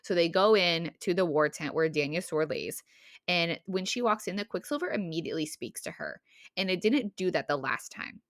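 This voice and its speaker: Woman, podcast co-host, casual book chat, lower voice, acts out quotes, dry close sound. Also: a little fast, fairly bright tone, dry recording. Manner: retells scenes animatedly, acting out lines.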